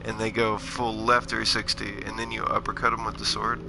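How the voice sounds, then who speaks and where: Over game music and a noisy background, a man livestreams a game with loose, wandering commentary, cracking self-deprecating jokes as he goes. He speaks fairly low and monotone at a moderate pace, with some vocal fry.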